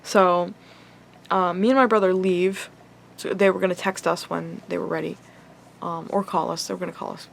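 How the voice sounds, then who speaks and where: A young woman vlogger with a lowish, steady voice and some vocal fry tells an upsetting story at a moderate pace. She rambles casually and emotionally, filling it with "like" and swearing.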